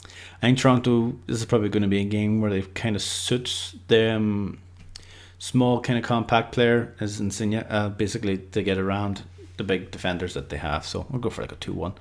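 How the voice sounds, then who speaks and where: A man's voice: on the low side, steady tone, normal speed. A man giving casual, unscripted football predictions, rambling loosely and leaning on lots of filler words. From Ireland.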